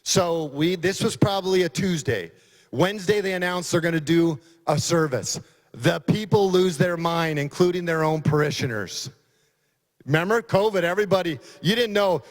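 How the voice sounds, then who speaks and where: Emphatic sheriff speaking in a reverberant hall. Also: male voice, high-pitched. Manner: folksy storytelling, emphatic. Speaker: county sheriff. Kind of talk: conference speech. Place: conference hall.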